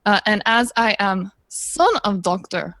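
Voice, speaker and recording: A woman voicing a gruff male cleric who eats people, with a mock Russian accent and broken, deadpan English, in a tabletop game. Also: mid-range voice, measured pace, dry recording. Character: gruff human-eating male cleric, doctor's son. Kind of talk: tabletop role-play character voice.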